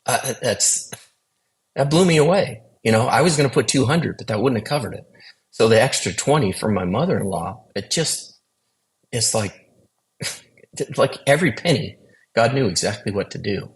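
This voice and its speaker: A man's voice: mid-range voice, expressive, normal speed, poor audio. A man earnestly telling a personal faith story in a conversational way, acting out the dialogue he quotes. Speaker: guest sharing testimony. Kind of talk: storytelling testimony.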